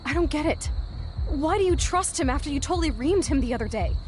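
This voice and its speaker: A woman's voice: high-pitched, expressive, fast, darkish tone, soft background music. A woman voicing a blunt, rebellious teenage girl who swears freely. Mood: earnest. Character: brash rebellious teen girl. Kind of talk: game voice acting.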